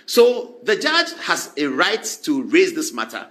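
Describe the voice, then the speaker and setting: Lively, bright-voiced Ghanaian man commenting. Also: high-pitched, a little slow. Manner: animated, acts out quoted exchanges. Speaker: political commentator. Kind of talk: political commentary.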